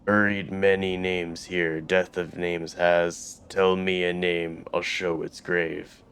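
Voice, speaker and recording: A man voicing an addled male dustman in a computer game, speaking in a slow, repetitive sing-song. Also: deep voice, flat delivery, a bit bright, clear, resonant tone, full character voice. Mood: eerie sing-song.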